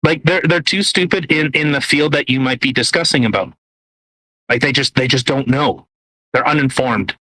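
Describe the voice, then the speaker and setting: A man's voice: medium pitch, normal speed, pushed and bright, no echo, rough recording. A man co-hosting a podcast, rambling through casual political chat with lots of fillers, restarts and blunt swearing. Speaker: podcast co-host. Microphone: podcast mic, eating while talking.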